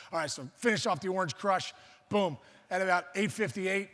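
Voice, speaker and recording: A man with a high, bright voice tells a funny story at a luncheon. He talks animatedly and acts out the voices, now and then breaking into loud outbursts. The sound carries a long reverb from the hall. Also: quick pace, a little hiss or hum. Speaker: luncheon speaker. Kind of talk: humorous storytelling speech. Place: banquet hall.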